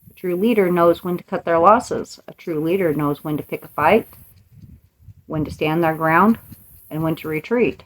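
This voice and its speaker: A woman's voice: fairly low pitch, a little hiss or hum. A middle-aged woman hosting a motivational talk, playful, laughing often and slipping into quoted voices. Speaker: podcast host. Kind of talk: motivational monologue.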